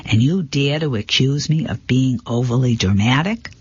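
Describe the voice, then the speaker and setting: A man's voice: mid-range voice, lively intonation, normal speed, husky, no room sound, highs cut off. A man voicing a proud, distraught middle-aged gallery owner who speaks indignantly in a storybook reading. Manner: indignant and wailing, then weary.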